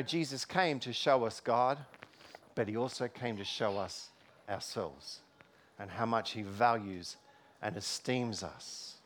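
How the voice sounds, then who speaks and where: A man's voice: medium pitch, fairly bright tone. A middle-aged man preaching a sermon in a church, telling personal stories with many fillers and restarts. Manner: storytelling, with frequent fillers and restarts.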